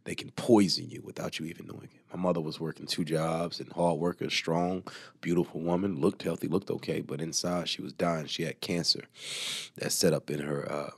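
A man's voice: rumbling low, fairly even intonation, brisk, gravelly, breathy edge, no room sound. A man, talking emphatically as an interview guest, often laughing. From Alabama, US. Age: 30s. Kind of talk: casual interview talk.

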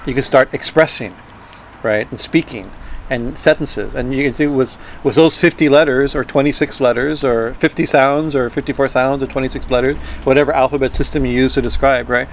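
A man giving an informal talk on Tantra philosophy. He speaks haltingly, repeats words and keeps asking "right?". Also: medium pitch, fairly even intonation, a little hiss or hum, rough recording. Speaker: spiritual teacher.

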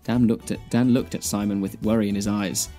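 A man's voice: on the low side, a little fast, faint music behind. A man, a podcast co-host, reading a fan fiction aloud. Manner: deadpan reading, breaking into laughter.

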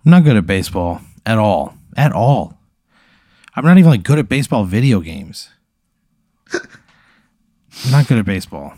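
Man co-host, low voice, dry sound, swears and pushes back flatly. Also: normal speed, long pauses, no echo. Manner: exasperated, profane, deadpan objections. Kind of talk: casual chat.

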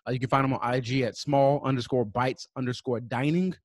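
A man co-hosting a podcast, giving casual sponsor shout-outs and spelling out web addresses slowly, with many fillers. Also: medium pitch, steady tone, dry recording, studio quality. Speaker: podcast co-host.

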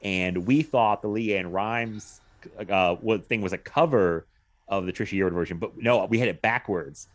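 Low-voiced chatty man rambling about movies. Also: normal speed. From United States. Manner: rambling, chatty, laughs often. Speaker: podcast co-host. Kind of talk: casual chat about movies.

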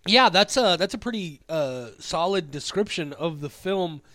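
A man's voice: high voice, expressive, normal speed, pushed and bright, no room sound. A man co-hosting a podcast in casual chat, rambling with lots of fillers and casual swearing. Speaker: podcast co-host.

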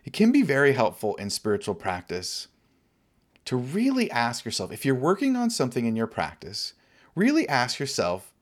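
Relaxed man giving a Dharma talk. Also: mid-range voice, normal speed. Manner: relaxed, conversational, laughs often. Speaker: Dharma teacher.

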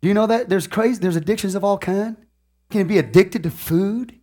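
A man preaching from the pulpit with a somewhat high voice. He drops to a hush for confessions, then climbs into shouted lines, laughing now and then as he talks to his church. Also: brisk. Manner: laughs often, talks to the congregation. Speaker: pastor. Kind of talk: sermon.

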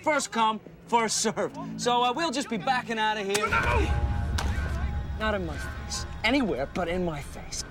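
A cocky young crook in a movie, fake new york accent, kinda high voice, music going under him. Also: male voice, expressive, measured pace. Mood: smooth. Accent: put-on New York American. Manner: smooth-talking, nervous about his face. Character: cocky young male armed robber. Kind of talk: film dialogue.

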